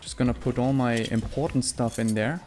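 A man's voice: medium pitch, brisk, faint music behind. A man casually commenting on his own survival gameplay, talking plainly about his plans and moves into a close desk microphone. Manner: excitable, swears a lot when fighting; calm, chatty explaining. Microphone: desk mic close up.

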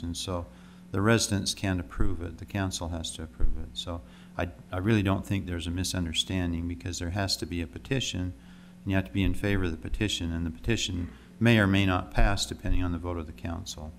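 A man's voice: low voice, fairly even intonation, fast talker, gravelly, slight background noise. A man on a city council, cutting in to correct speakers with precise, matter-of-fact points. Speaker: council member. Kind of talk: council meeting discussion.

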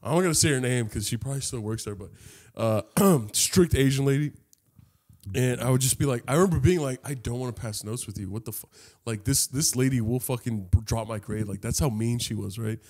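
A young adult man co-hosting a podcast, telling high school stories in a casual, animated way full of swearing. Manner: animated, swearing, quick asides. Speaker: podcast co-host. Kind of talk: casual comedic storytelling.

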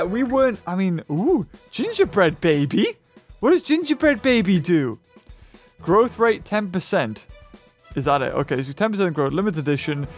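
This is a man with a high, very lively voice, chatting through a session of a game he is playing. He reacts out loud, calls out to the game and breaks into laughs. Game music plays clearly behind him. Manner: excitable, talks to the game, yelps and laughs. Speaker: gaming channel host. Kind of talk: casual gameplay commentary.

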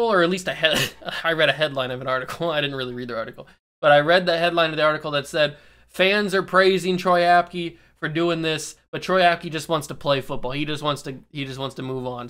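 A young man in his early twenties hosts a casual sports commentary monologue. He talks animatedly and teases his viewers, and he slows right down to lean on the words that matter. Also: sits high. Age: early 20s. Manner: animated, teasing, slows down to stress key words. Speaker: YouTube host.

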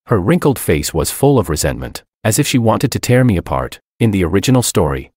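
A man narrating a first-person audiobook story in a dramatic, expressive way. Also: deep voice, no echo, clean studio sound.

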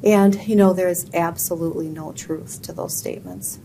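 A woman's voice: fairly low pitch, steady tone, moderate pace, warm tone. A middle-aged woman with an Upper Midwest American accent, a judicial candidate answering an editorial board firmly and plainly. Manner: firm, emphatic denials, plainspoken. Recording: noisy room audio.

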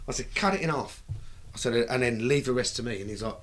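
A middle-aged British man telling stories in a casual chat, lively and swearing freely as he acts out what people said. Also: mid-range voice, quick pace. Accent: British English. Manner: animated, acts out quoted dialogue, swears freely. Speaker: bike builder, guest. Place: recording studio.

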